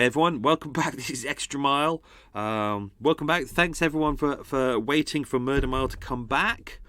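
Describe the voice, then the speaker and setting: A man's voice: medium pitch, a bit bright, no room sound. Man, grave true-crime narrator. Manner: grave, measured narration; rambling, self-mocking chat. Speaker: podcast host and narrator. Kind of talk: scripted true-crime narration and casual chat.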